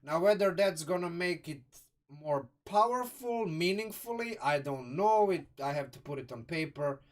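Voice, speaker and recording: A man from Croatia with a Croatian accent, chatting casually and excitably on a live stream, rambling and swearing freely. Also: fairly high pitch, moderate pace, recorded from a distance. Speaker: live streamer reviewing a game sourcebook.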